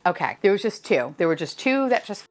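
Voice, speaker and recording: A young woman vlogging an unboxing in casual chat, excitable, laughing and swearing freely at what she finds. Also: mid-range voice, brisk.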